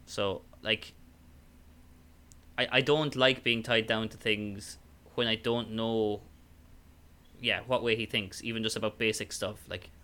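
An Irish man in easy conversation, his voice bright and clear with a smooth ring. He rambles through his thoughts, leaning on fillers and starting sentences over. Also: lowish voice, fairly even intonation, measured pace, long pauses. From Ireland. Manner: rambling, full of fillers and restarts. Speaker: podcast guest, tabletop player. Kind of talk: casual chat.

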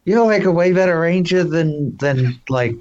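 A man's voice: a little high, animated, normal speed, darkish tone, lo-fi sound. A man playing a tabletop game, chatty and teasing the others. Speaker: player. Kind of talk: casual tabletop game chat.

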